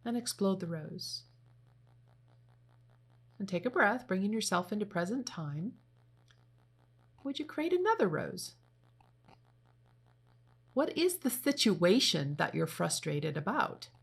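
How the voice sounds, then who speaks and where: A woman leading a guided meditation, giving slow, gentle spoken instructions. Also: mid-range voice, very animated, gravelly, breathy edge. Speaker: meditation leader.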